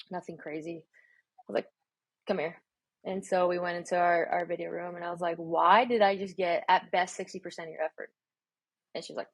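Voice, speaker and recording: A woman's voice: lowish voice, no echo. A woman strength coach telling a story in a casual podcast chat, acting out her own dialogue with energy. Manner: animated, acts out her own quoted dialogue. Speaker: strength and conditioning coach, guest.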